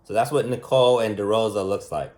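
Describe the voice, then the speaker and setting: A man with a fairly low, slightly mellow voice gives a brisk, unscripted vlog lesson as a casual monologue. He rambles and speaks emphatically, repeating himself and tossing out rhetorical questions.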